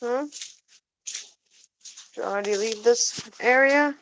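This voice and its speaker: Out by an animal coop at night, a woman vlogger chats casually during evening chores, coaxing and fondly addressing her pets. Her medium-pitched voice is animated yet unhurried, with long pauses and background noise.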